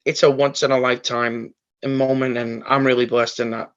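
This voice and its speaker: A man's voice: mid-range voice, little pitch movement, moderate pace. Guy rambling through an emotional story on a podcast, lots of um and you know, kinda dull lo-fi sound. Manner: rambling, with many fillers and restarts. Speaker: podcast guest. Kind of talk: emotional storytelling in casual chat.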